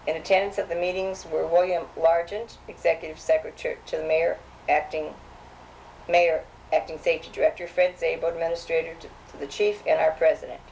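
A woman's voice: low-pitched, flat delivery, brisk, vocal fry, a little mellow, a little hiss or hum, low-quality recording. An older woman reminiscing as she reads old clippings aloud, chatty and hesitant, with frequent restarts. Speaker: safety program founder.

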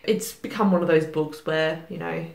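A woman's voice: deep voice, fairly even intonation, moderate pace, creaky, echoey room. A young woman vlogging her monthly reading wrap-up in a chatty, self-deprecating way, with lots of fillers and little laughs. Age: young adult. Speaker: book vlogger.

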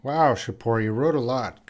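A man in his forties teaches English on a live stream in a mid-pitched voice. He drills short phrases over and over for pronunciation. Between drills he stays relaxed and thinks aloud with easy fillers as he reads viewers' comments. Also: slow pace. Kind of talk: live-streamed lesson answering chat comments.

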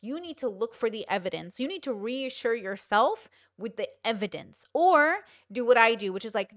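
A woman's voice: fairly high pitch, animated, normal speed, few pauses, fairly bright tone, dry recording, clean studio sound. A young adult woman hosting a podcast, giving casual advice in an emphatic way and repeating points for stress. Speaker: podcast host.

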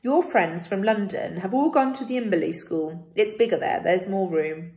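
A woman voicing an old male village schoolteacher in a read-aloud story, speaking clearly, measured and kind. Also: medium pitch, mellow, close to an everyday voice. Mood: kindly firm. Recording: roomy echo.

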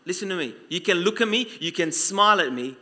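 A man preaching a live sermon in a church, urging the congregation and swinging between loud calls and hushed lines. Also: sits high, lively intonation, a little fast.

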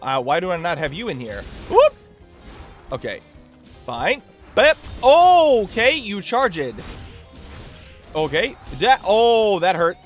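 Excitable male let's-play host. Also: fairly high pitch, unhurried, pauses often, faint music behind. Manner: excitable, yelps and whoops during combat; talks to the boss and himself. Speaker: gaming channel host.

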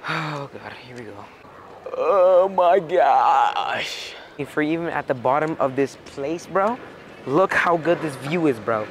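A man's voice: on the high side, normal speed. A young man vlogging as he climbs a long outdoor staircase, out of breath and amazed by the view. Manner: excited, breathless narration while climbing. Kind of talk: casual travel vlog. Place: outdoors on a tall rock staircase. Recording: loud crowd and outdoor noise.

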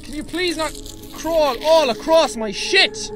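A young Irish man giving loud, panicky let's-play commentary, yelping, laughing and swearing at a scary game. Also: extremely high pitch, a little slow, soft background music. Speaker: gaming video host.

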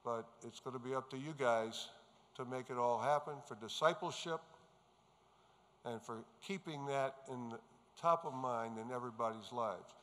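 A man of medium pitch from New York speaks at a moderate pace with a fairly bright tone, giving a testimony speech at a pastors' conference. He recounts his story earnestly and emphatically, his words echoing through the hall.

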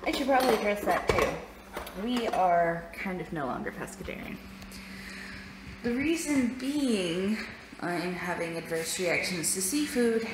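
Slow-talking woman vlogging in an echoey room. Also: lowish voice. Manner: chatty, laughs easily. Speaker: family vlogger. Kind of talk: casual daily vlog chat. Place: at home, indoors. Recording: roomy echo with clear background noise.

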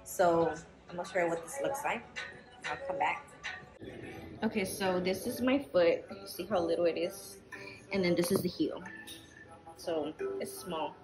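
A woman's voice: on the low side, a little slow, long pauses. A young woman chatting frankly to camera in a vlog, swearing freely as she tells her story. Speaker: vlogger. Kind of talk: casual chat to camera. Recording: roomy echo with background music.

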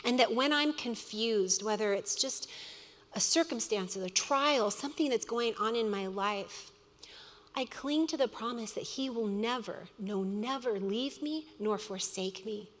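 A middle-aged woman teaching a women's Bible study, earnest and storytelling, with quick asides. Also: fairly high pitch. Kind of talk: sermon. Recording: long hall reverb.

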